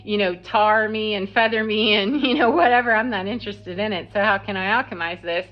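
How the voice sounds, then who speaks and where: A woman's voice: mid-range voice, a little fast, muffled recording. A woman casually telling a long, rambling personal story, laughing often and quoting herself and others. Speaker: spiritual vlogger.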